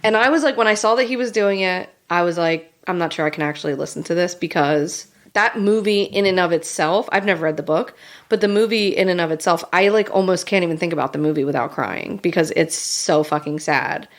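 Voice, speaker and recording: A woman's voice: lowish voice, brisk. Laughing, swearing woman podcast host. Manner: animated, swears freely, laughs often. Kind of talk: casual chat.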